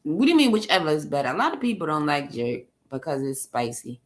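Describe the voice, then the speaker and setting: On a laid-back panel, a New York woman talks bluntly and profanely, laughing as she goes. Her voice is slightly low for a woman, and she's highly animated and speaks fast.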